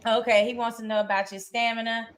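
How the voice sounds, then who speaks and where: A woman's voice: fairly high pitch, little pitch movement, quick pace, a little hiss or hum. A woman co-hosting a podcast, making upbeat interjections and passing on audience questions. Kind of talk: casual interview chat.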